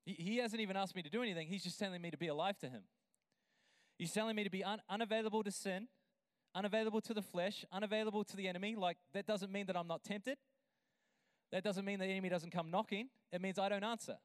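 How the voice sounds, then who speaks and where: High, clear-voiced man preaching with passion. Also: steady tone, no room sound, studio quality. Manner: passionate, builds to emphatic drawn-out lines; chatty asides with laughs. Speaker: pastor. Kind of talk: sermon.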